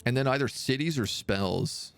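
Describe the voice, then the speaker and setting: A man's voice: mid-range voice, lively intonation, normal speed, gravelly, fairly bright tone, smooth. A man streaming a strategy game, musing aloud as he weighs options. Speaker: live streamer. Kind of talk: gameplay commentary. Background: game music.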